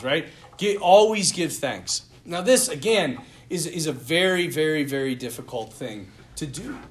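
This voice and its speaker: Young guy priest giving a homily, high bright voice, jokes on himself a lot. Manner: animated, self-deprecating, laughs often. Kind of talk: sermon.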